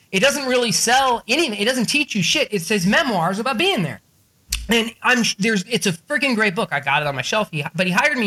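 A man's voice: very high-pitched, sharp tone. A man coaching authors on the business behind their books, telling stories with lots of swearing and acting out the people he quotes. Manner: swears freely, acts out quoted people in a raised voice. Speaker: book business coach speaking to a group. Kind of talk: animated, profane storytelling talk.

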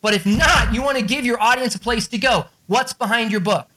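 His voice is very high-pitched and sharp, and he talks a little fast. As a book business coach speaking to a group of authors, he delivers animated, profane stories, swearing freely and acting out those he quotes in a raised voice.

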